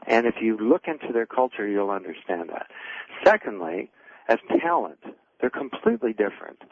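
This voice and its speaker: Husky man on a tinny phone line. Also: lowish voice, moderate pace, dry recording. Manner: animated, acts out the people he quotes. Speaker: guest author. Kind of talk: anecdotal storytelling.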